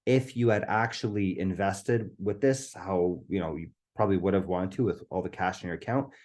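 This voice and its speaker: A low, mellow-voiced man presenting a live online webinar into a computer mic. His voice is going a little hoarse. He talks eagerly and keeps tagging "right?" onto his points. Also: normal speed. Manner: enthusiastic, keeps asking "right?".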